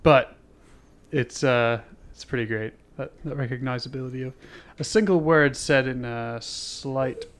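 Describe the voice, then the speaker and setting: A man with an average-pitched voice hosts a relaxed podcast conversation. He talks freely and laughs easily with his friends. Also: measured pace, slight background noise. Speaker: podcast host. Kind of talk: casual chat.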